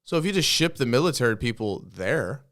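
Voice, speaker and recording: A man's voice: medium pitch, very animated, fairly quick, a bit bright, no room sound, clean studio sound. A man in his twenties co-hosting a podcast, joking in an offhand, sweary way. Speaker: podcast co-host. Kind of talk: casual chat.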